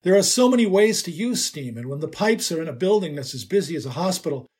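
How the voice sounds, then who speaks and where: An older man telling a personal story at an unhurried, wry pace. His voice sits fairly high and has a husky, breathy edge. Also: lively intonation, darkish tone. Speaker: writer.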